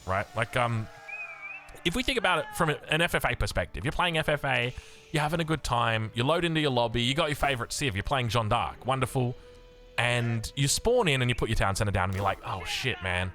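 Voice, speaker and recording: An Australian man giving excitable, chatty live commentary on a strategy game as caster, with joking asides. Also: medium pitch, brisk. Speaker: esports caster.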